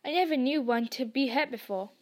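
A woman reading aloud and voicing a gruff, burly male gamekeeper with rough, folksy speech. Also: high-pitched, brisk. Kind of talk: audiobook reading.

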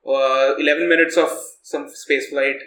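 A man's voice: a little high, little pitch movement, moderate pace, a bit bright, slight background noise. Laughing man in echoey room. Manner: laughs often, trails off and restarts. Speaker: podcast co-host. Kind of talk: casual chat.

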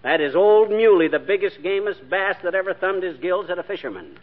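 An actor playing a brash, bragging husband who tells tall tales in a 1940s radio sitcom. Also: male voice, high voice, brisk, close to an everyday voice. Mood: boastful. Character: boastful, blustering husband spinning tall tales. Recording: dull lo-fi 1940s radio broadcast with faint hiss.

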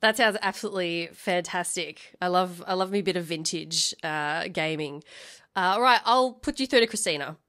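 A woman's voice: fairly low pitch, moderate pace, a bit bright, close to an everyday voice. A woman voicing a friendly male secretary answering the office phone in a cheerful, casual tone.

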